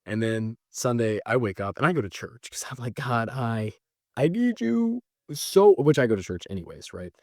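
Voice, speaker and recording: A man telling a personal story in a casual, animated way, mocking himself and jumping high when exasperated. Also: fairly quick, hardly any pauses, no echo, clean studio sound. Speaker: storyteller recounting a breakup.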